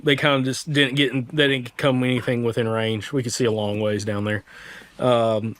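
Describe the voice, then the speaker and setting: A man's voice: medium pitch, moderate pace. Man from Alabama telling a hunting story. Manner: rambling, animated retelling with quoted dialogue. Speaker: podcast host, hunter. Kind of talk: casual storytelling.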